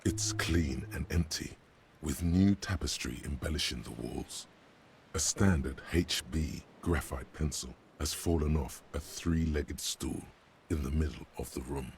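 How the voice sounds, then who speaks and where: An actor voicing a grave male game narrator, describing scenes in a slow, measured way. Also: extremely low pitch, a little hiss or hum. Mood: somber.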